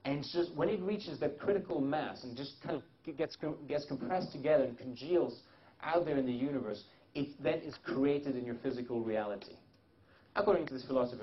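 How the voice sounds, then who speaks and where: A man's voice: medium pitch, a little fast, highs cut off, a little hiss or hum. A man presenting a live seminar to a small audience, talking loosely with many restarts and fillers.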